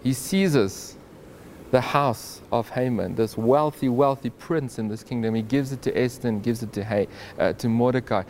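A man teaches a Bible story in a relaxed, conversational way. His voice sits at a middle pitch, and he chuckles and restarts his sentences as he goes. Faint background noise runs under his voice. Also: moderate pace. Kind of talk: informal Bible story retelling.

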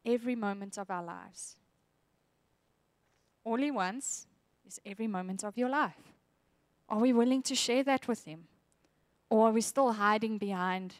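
A woman's voice: on the high side, normal speed, long pauses, dry recording. A woman preaching a sermon, earnest and reflective, reading scripture aloud with feeling.

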